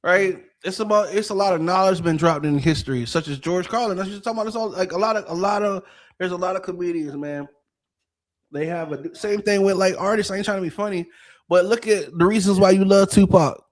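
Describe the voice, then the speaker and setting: A man co-hosting a podcast, giving casual political commentary in an animated, profane way full of rhetorical questions. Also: high-pitched, a little fast. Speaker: podcast co-host.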